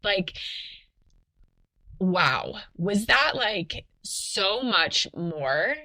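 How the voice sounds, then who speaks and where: A young woman sharing her birth story on a podcast, animated and full of fillers, laughing often. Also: medium pitch, drawn-out words, low-quality recording. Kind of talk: casual personal storytelling.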